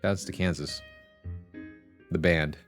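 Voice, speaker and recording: Low-voiced man chatting on a livestream. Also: fairly even intonation, slow pace, faint music behind. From Vietnamese heritage. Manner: rambling, jokey, laughs often. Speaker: streamer. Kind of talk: casual livestream chat.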